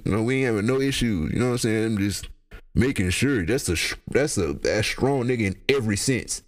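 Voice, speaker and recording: A young man hosts a casual solo podcast, his medium-pitched voice running a little fast. He talks in loose, profane slang and often trails off into laughter.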